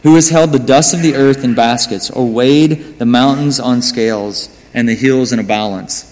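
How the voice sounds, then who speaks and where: A man's voice: mid-range voice, moderate pace, a little mellow. An American man preaching a sermon, conversational and self-mocking, with asides to the congregation. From United States. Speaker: pastor. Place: church hall. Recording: long hall reverb.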